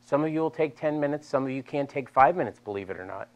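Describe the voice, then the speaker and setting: Man, Delaware accent, middle-aged, physical therapist, live seminar, animated, repeats points. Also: mid-range voice, fast. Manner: animated, chatty, repeats himself for emphasis. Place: seminar room with an audience.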